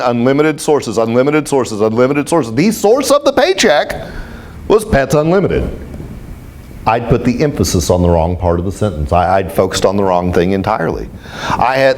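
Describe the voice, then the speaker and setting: A man in mid-range pitch telling stories to a group, his voice leaping up and dropping down as he goes. He talks in an animated, self-mocking way, like a spiritual teacher sharing lessons from his own life. A faint hum of noise sits under him. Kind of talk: storytelling talk to a group.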